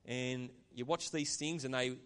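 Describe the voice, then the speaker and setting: A man's voice: mid-range voice, fairly even intonation, measured pace, fairly bright tone, smooth, in a large hall. A man preaching a sermon as pastor, earnest and conversational, with chatty asides to the congregation. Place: church.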